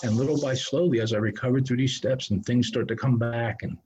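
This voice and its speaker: A man's voice: medium pitch, fairly even intonation, a little fast, a little mellow, muffled recording. A middle-aged man telling his recovery story in a candid, rambling, self-mocking way, with many restarts. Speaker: recovery speaker.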